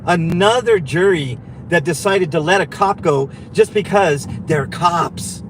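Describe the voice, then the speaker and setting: A furious man rants and swears on a livestream from behind the wheel, his voice pitched high for a man. Faint road noise hums under the talk in the car. He drips with sarcasm and sounds worked up. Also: animated, normal speed, fairly bright tone, rough recording. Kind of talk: angry livestream rant. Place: in a car while driving.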